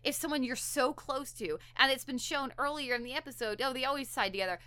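Bright-voiced chatty woman recapping an episode. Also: high-pitched, quick pace, dry recording. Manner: animated, talkative, lots of "like" and restarts. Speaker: podcast co-host. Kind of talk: casual podcast episode recap.

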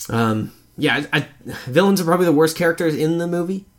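On a casual movie review podcast, a male co-host talks loosely and fast, swearing freely and acting out scenes and quotes in raised voices. His voice is a little high, and his delivery is animated.

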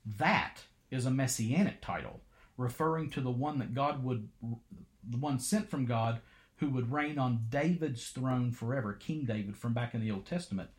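A man's voice: mid-range voice, normal speed. A man preaching a sermon in a dramatic way, full of rhetorical questions.

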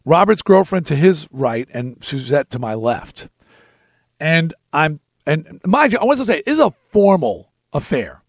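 A man hosting a podcast, telling a story in an animated, emphatic way. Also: on the high side, unhurried, dry recording, studio quality. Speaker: podcast host. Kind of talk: storytelling chat.

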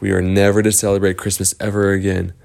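A man voicing a grumpy, possessive male Christmas troll in a told story, slow and stern. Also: sits low, completely flat delivery, gravelly, a little mellow.

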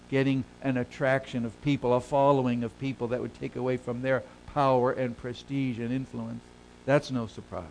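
A male pastor preaching a sermon, swelling loud and high on key phrases and then sinking low and quiet. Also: low-quality recording. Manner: preaches with big swells in pitch and volume, then drops low.

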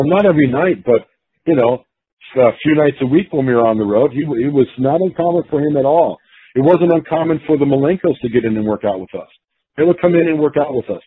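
Husky male ex-wrestler, rambling storyteller, dry, thin phone-line sound. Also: medium pitch, no room sound. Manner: rambling, with many fillers and restarts. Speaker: former pro wrestler, guest. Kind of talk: casual storytelling interview.

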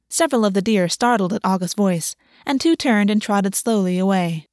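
A woman reads fantasy fiction aloud in a steady, measured narration. Her voice sits at a middle pitch. The recording is close and dry with no room sound. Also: dry recording. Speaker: audiobook narrator. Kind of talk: scripted narration of a fantasy novel.

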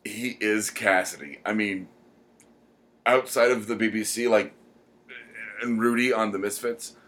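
A man with a somewhat low voice talks casually as a podcast co-host. He rambles, pausing often with ums as he gathers his thoughts. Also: fairly even intonation, fairly bright tone. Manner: rambling, many "um" pauses. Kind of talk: casual chat.

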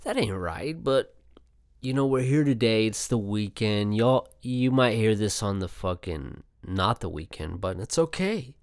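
A man's voice: fairly low pitch, lively intonation, unhurried, dry recording, studio quality. A young man hosting his own podcast alone, talking casually in a loose, profane, rambling way. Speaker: podcast host. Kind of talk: casual solo podcast chat. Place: home setup, Arizona.

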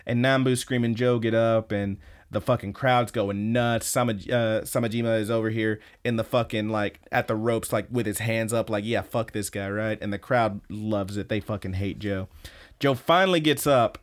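A podcast co-host casually recaps a story, full of swearing and quoted lines. His voice is on the low side and he speaks at a normal speed.

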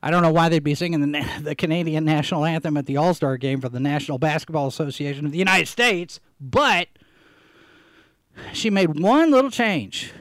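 A man hosts a live podcast show, talking casually about the news in a slightly high, slightly bright voice at a little faster than average, recorded with no room sound. He rambles, repeats phrases for emphasis, and uses plenty of fillers in this live-stream commentary.

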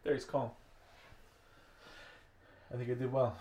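A man bantering casually while playing a game, excitable and prone to yelling catchphrases. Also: mid-range voice, measured pace, roomy sound, a little hiss or hum.

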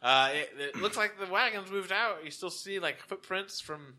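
Game master, male, very bright tone, halting and self-correcting, casual narration. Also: sits high.

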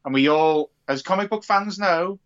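A man co-hosting a podcast in casual chat, animated and swearing freely. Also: sits high, normal speed. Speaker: podcast co-host. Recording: dull lo-fi recording.

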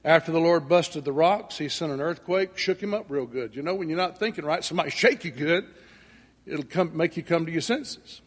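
A husky male preacher tells a scripture story in a folksy way and slips into the voices of its characters. His voice sits somewhat high for a man and rings with the long reverb of a big hall. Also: a little fast. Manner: folksy storytelling, acting out dialogue. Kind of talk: sermon.

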